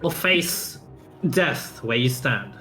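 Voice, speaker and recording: A man's voice: medium pitch, lively intonation, takes it slowly, over music, pitched below the performer's own voice. A man voicing a stern female Inquisitor who gives cold, commanding orders.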